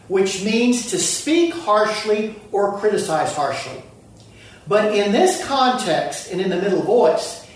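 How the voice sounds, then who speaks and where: A pastor preaching a sermon slowly and deliberately, repeating phrases and dropping to a hush at the ends of lines. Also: mid-range voice. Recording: very echoey room, from far off.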